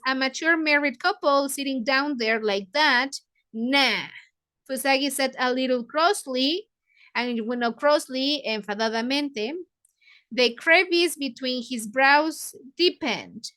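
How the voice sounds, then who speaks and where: Woman, book club leader, bright, high voice. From Mexico. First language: Spanish. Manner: paraphrases lines, glosses words in Spanish. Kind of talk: explaining a novel to English learners.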